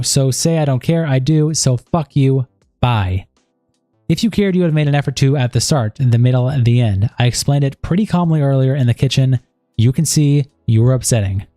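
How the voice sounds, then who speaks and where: A man's voice: medium pitch, mellow, dry recording, clean studio sound. A man on a stream, reading a chat log aloud and breaking in with asides of disbelief.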